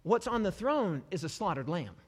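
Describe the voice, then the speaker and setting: A male preacher giving a sermon to a live congregation, animated and repetitive, dropping humorous asides. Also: high voice, moderate pace, husky. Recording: long hall reverb.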